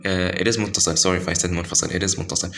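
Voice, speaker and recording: Tajweed teacher, man, very low voice, halting delivery full of fillers, faint room hum. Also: level tone, gravelly, a bit bright. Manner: halting, many fillers and self-corrections. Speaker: Quran recitation teacher. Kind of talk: informal tajweed lesson with screen pointing.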